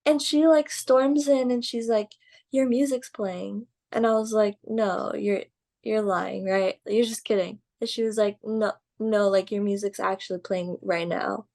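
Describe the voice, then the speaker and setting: A woman's voice: medium pitch, measured pace, creaky. Chatty young woman telling a story. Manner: animated, full of "like" and "um", laughs through stories. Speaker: guest, pro wrestler. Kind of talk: casual interview storytelling.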